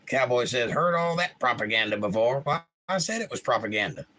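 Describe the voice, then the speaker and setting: A man's voice: medium pitch, expressive, brisk, sharp tone. A man hosting a livestream in a casual way, reading viewers' chat messages aloud and adding wry asides. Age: young adult.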